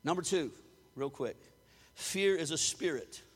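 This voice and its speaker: A man preaching a sermon as pastor, animated and preachy, rising into loud shouts. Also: a little high, a little slow, husky, long reverb tail.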